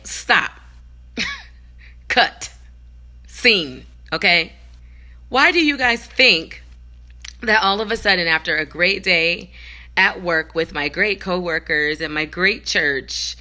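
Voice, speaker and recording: A middle-aged woman giving a conversational sermon, telling a personal story with candid, animated asides to her audience. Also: mid-range voice. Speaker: preacher.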